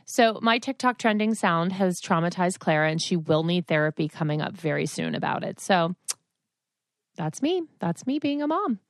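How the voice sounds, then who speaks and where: A woman's voice: lowish voice, expressive, moderate pace, dry recording. A woman in her forties hosting a podcast, telling a rambling story in a chatty, casual way with plenty of asides. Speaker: podcast host.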